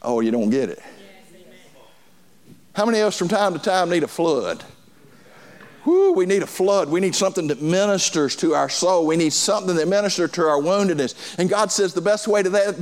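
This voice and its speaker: A male pastor preaching a sermon to his congregation, repeating phrases and calling for responses. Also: high-pitched.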